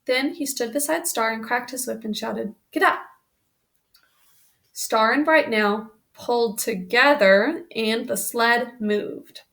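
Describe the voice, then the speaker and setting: A woman reading a children's chapter book aloud with a gravelly texture in her voice. Her pitch sits somewhat high. Now and then she breaks off to explain the story plainly. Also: measured pace, few pauses, fairly bright tone. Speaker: reader.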